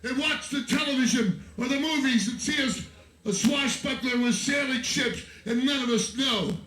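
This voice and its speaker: An American man giving a fiery, profane, shouting rally speech to a festival crowd from an outdoor stage. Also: very high-pitched, normal speed, reverberant, low-quality recording. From United States. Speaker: activist speaker at a festival.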